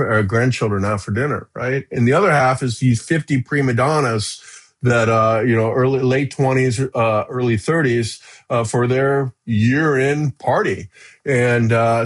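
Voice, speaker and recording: A middle-aged man speaking at a medium pitch tells a story as a podcast guest. He's lively and casual, acting out the shouts and padding his lines with "you know" and "right?".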